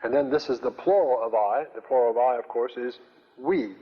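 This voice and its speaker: An older man teaching a Greek class, speaking slowly with many fillers and restarts. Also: mid-range voice, breathy edge. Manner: slow, hesitant, many fillers. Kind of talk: classroom lecture. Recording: dull, roomy lecture recording.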